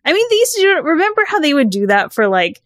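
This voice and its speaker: A woman with a slightly high voice talking in an easy, eager way and leaning on fillers as she riffs. The recording is close and dry. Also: big pitch swings, fast talker, no echo. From California. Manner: enthusiastic, many fillers like "like" and "you know". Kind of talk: casual chat.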